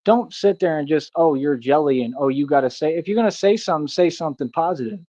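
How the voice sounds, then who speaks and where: A man's voice: a little high, animated, fast talker, mellow, no echo, lo-fi sound. Boastful man ranting on a stream. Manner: boastful, preachy, confrontational. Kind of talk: live-stream rant to chat.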